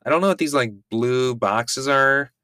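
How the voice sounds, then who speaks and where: A man's voice: medium pitch, unhurried, pushed and bright, no echo, studio quality. A man hosting a podcast, chatting casually and wryly with offhand swearing during a watch-along. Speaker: podcast host.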